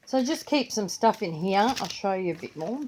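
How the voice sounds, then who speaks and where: A woman's voice: medium pitch, expressive, normal speed, a little mellow, slight background noise. An older Australian woman with a grandchild, chatting casually and rambling through her planner and pens in a vlog. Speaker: vlogger. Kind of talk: casual chat.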